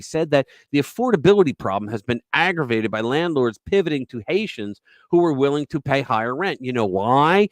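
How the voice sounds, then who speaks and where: An emphatic man hosts a political talk show at a middle pitch. He tells stories conversationally, with frequent asides. The dry recording puts his voice close to the mic. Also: dry recording. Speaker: host.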